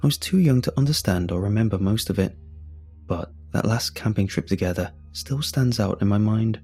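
A man tells a first-person story in a measured, earnest voice. His tone is low, dark and gravelly, with a husky edge. Faint music plays underneath. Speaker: narrator.

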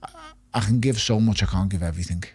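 A middle-aged man, a retired boxer, speaks candidly in a podcast interview with a lowish, slightly mellow voice that has a breathy edge, and there's no room sound. He talks fast and bluntly, swears a lot, and repeats words when he wants to drive a point home.

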